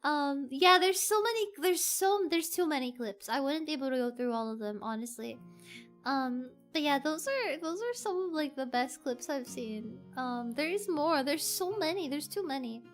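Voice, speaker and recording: A woman's voice: sits high, expressive, moderate pace, soft background music. A woman streamer chatting casually and rambling with gushing enthusiasm, using lots of fillers. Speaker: VTuber streamer.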